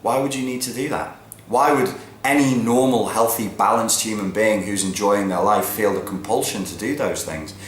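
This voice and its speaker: A man ranting bluntly in a monologue, swearing freely and swinging from low mutters to loud, emphatic peaks. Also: normal speed. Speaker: vlogger giving opinions. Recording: roomy echo with faint background noise.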